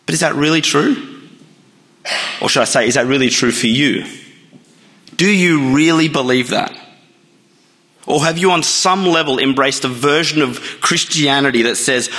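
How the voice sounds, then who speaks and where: A man's voice: a little high, sharp tone. Man preaching in a reverberant hall. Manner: measured, storytelling, rhetorical questions. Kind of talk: sermon.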